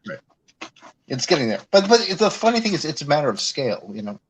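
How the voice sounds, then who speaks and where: A man from Massachusetts in casual chat, animated and effusive, often laughing as he talks. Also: fairly high pitch, fast talker, background noise. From Worcester, Massachusetts. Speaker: chat participant.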